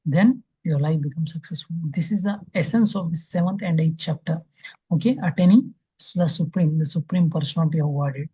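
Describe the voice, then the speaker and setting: A man's voice: fairly high pitch, a little fast, warm tone, husky, no room sound. Earnest man teaching scripture. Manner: earnest, acts out quotes, many fillers. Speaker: spiritual class teacher. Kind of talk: storytelling scripture lecture. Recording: dull lo-fi call audio.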